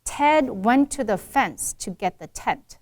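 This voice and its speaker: A woman working as an accent coach, explaining and demonstrating English pronunciation slowly and carefully in a lesson chat. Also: a little high, lively intonation, darkish tone.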